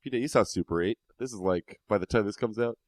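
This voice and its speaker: A man's voice: fairly low pitch, fast talker, no echo. A man co-hosting a podcast in casual chat, sarcastic and laughing often. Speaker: podcast co-host.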